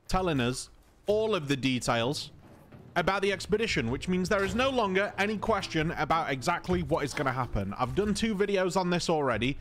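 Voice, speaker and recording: A man from England with an English accent, calmly talking through a video game in casual commentary, polite and chatty. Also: fairly high pitch, moderate pace, a little hiss or hum. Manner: calm, conversational, polite even when insulted. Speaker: gaming video host.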